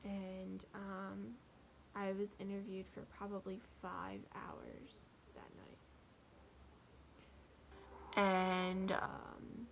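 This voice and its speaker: Young woman vlogger, gravelly fry, soft and halting, faint hiss behind. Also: medium pitch, poor audio. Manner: soft, halting, with many pauses and fillers. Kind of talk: personal storytelling to camera.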